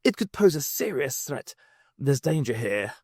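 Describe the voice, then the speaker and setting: A man's voice: medium pitch, very animated, measured pace, darkish tone, breathy edge, dry recording, studio quality, exaggerated voice. A man voicing a grave, impatient ancient time traveller who lectures urgently. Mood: urgent lecturing.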